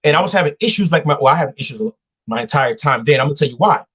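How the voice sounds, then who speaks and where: Podcast guest: husky-voiced man, a bit higher than most, emphatic and preachy. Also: animated, rapid-fire, a bit bright. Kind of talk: casual podcast talk.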